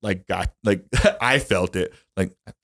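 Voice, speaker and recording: Male podcast co-host, low voice, dry close sound, casual emotional storyteller. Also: slow, creaky, a bit bright, no echo. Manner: emotional storytelling with lots of fillers. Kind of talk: casual chat.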